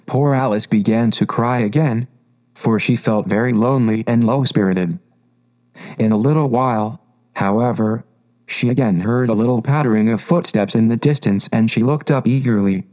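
A man narrating a classic storybook in a measured, unhurried reading. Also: medium pitch, darkish tone, low-quality recording.

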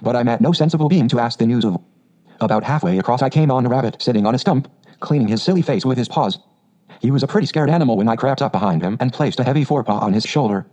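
Man doing a cheerful bold otter, hearty, mellow voice, dull recording. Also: mid-range voice, fast, natural voice. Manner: cheerful, lively storyteller.

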